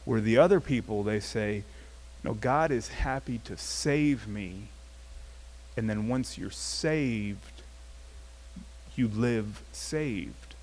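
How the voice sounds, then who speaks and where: A man preaching a sermon as pastor, in a conversational style and telling a personal story. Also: mid-range voice. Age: adult, past his teens. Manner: conversational, animated storytelling with acted quotes.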